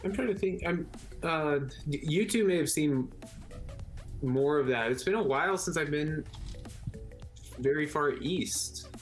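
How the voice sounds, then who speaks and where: A man from Idaho, a chef guest in a casual chat, speaking in a hesitant, measured way. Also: a little high, faint music behind.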